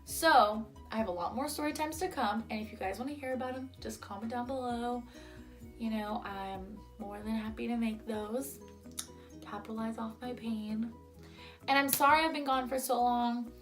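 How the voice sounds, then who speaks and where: A young woman chats her way through a storytime vlog, her voice sitting a bit high. She sounds a little tipsy and keeps dropping "like" as she acts out what people said. Soft music plays faintly behind her. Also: moderate pace. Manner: chatty, lots of "like", acts out quotes. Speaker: vlogger. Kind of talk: storytime vlog, casual chat.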